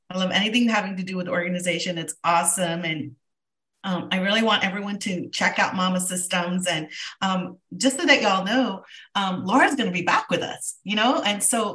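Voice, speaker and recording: A woman's voice: medium pitch, bright, forceful tone. Bubbly, self-mocking woman host, slightly distant mic. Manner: bubbly, laughs often, self-deprecating. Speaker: podcast host. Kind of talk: casual chat.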